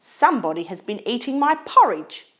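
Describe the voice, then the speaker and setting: A woman voicing a big papa bear in a storybook, loud and growly. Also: fairly high pitch, big pitch swings, moderate pace, pitched above the performer's own voice. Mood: grumbling.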